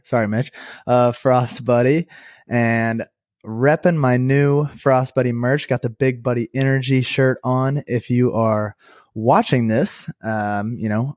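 A young adult man hosting a podcast, telling a story in a chatty, animated way with lots of fillers and self-corrections. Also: mid-range voice, no echo, studio quality. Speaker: podcast host and company co-founder. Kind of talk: casual storytelling monologue.

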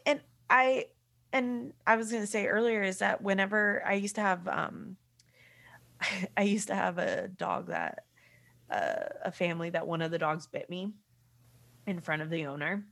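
A woman's voice: mid-range voice, expressive, unhurried, creaky, fairly bright tone. A young woman who works as a dog groomer, chatting casually and acting out quoted dialogue. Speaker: dog groomer, podcast co-host. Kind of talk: casual chat.

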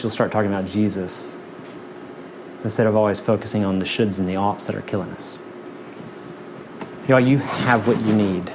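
A man's voice: mid-range voice, noisy background. A man preaching a sermon in an earnest, conversational way, building through repeated phrases. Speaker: pastor.

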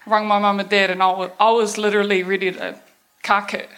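A woman's voice: mid-range voice, little pitch movement, quick pace, fairly bright tone. A young woman with a New Zealand accent telling her life story on an event stage, blunt and swearing freely, laughing now and then. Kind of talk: candid personal story talk.

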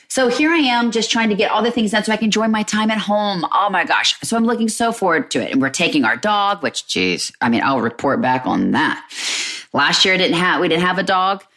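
A woman in her thirties talking casually to her viewers, with a somewhat low voice for a woman. She rambles from one thought to the next and leaps up in pitch whenever she acts out what someone said. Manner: animated storytelling with pitch jumps and quoted voices. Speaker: vlogger, stay-at-home mom. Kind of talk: casual chatty vlog.

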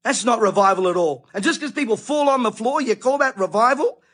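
Indignant Australian man, husky and high. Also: expressive, a little fast, a bit bright. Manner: indignant, ranting, emphatic. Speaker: preacher. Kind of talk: impassioned monologue.

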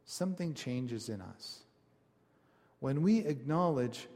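A man preaching a conversational sermon, telling stories with animated asides to his congregation. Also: mid-range voice, unhurried. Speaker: pastor. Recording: long hall reverb.

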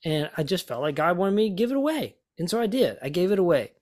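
A man, a pastor and author, telling stories as a guest in an interview, lively and often repeating words as he thinks. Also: high voice, quick pace. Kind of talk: conversational storytelling.

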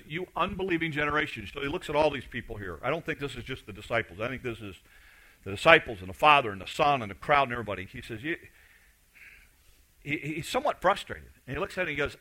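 Very bright-voiced man preaching a sermon. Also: mid-range voice, fast, rough recording. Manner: conversational, animated retelling with paraphrased quotes. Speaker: pastor.

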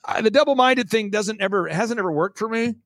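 A man with a notably high voice talks bluntly and with great energy as an interview guest. He often slips into other people's voices to act out their lines. The sound is dry and close, with no room echo. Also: a little fast. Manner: blunt, animated, acts out quotes in voices. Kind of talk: fast-talking interview.

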